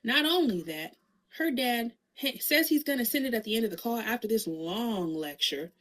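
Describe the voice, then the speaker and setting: A mother telling a comic story in a sassy, lively way, acting out the people in it. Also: fairly high pitch, normal speed. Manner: sassy, lively, acts out voices in her story. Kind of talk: comedic storytelling monologue.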